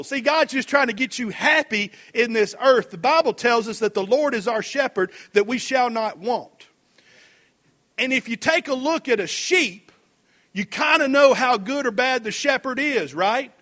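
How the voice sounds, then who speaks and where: Male preacher, high-pitched, folksy sermon, dull lo-fi church recording. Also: a bit bright. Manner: folksy, reads scripture slowly and comments between verses. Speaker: pastor.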